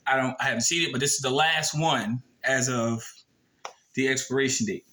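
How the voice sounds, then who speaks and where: A man's voice: mid-range voice, moderate pace, pushed and bright, low-quality recording. A man casually explaining a form and reading it aloud, talking bluntly with emphatic rhetorical questions and some swearing. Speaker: video presenter.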